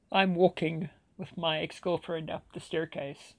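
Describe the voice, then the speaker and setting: A man's voice: on the high side, gravelly, fairly bright tone. A man telling a personal story with dramatic flair, acting out the dialogue as he goes. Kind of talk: personal anecdote told dramatically.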